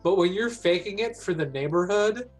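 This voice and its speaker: A man's voice: high-pitched, expressive, moderate pace, soft background music. A man chatting on a comedy stream, rambling and joking with lots of fillers. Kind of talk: casual comedic chat on a live stream.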